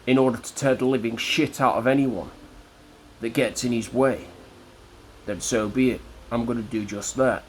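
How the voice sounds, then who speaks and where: A man delivering a defiant, combative religious rant to camera, with slow, deliberate emphasis on each word. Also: mid-range voice, slight background noise. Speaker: vlogger.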